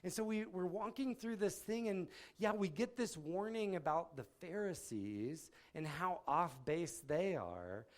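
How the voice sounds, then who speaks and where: A man's voice: fairly high pitch, lively intonation, a little slow, hardly any pauses. Male campus ministry speaker, laid-back conversational sermon, explanatory with casual asides.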